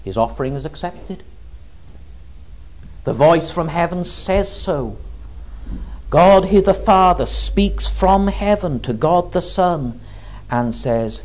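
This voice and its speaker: Male preacher, sermon, unhurried and deliberate, lively rises and falls, muffled lo-fi recording. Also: fairly high pitch. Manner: slow and deliberate, with rhetorical questions. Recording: dull lo-fi recording.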